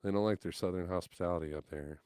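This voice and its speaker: A man's voice: low-pitched, fast talker, smooth, dry recording, clean studio sound. A man, a guest musician on a podcast, telling stories in casual chat and acting out the people he quotes. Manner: animated, acts out quotes loudly.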